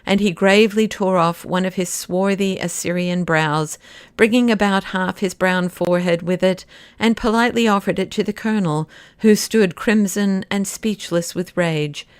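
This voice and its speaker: A woman giving a measured, expressive audiobook narration of a classic novel. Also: mid-range voice, smooth, no room sound.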